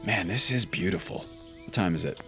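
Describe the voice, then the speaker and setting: A man with a very low voice giving easygoing let's play commentary, musing aloud and pausing with ums as he plays. Faint game music runs under his talk. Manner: relaxed, thinking aloud with frequent ums. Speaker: gaming YouTuber.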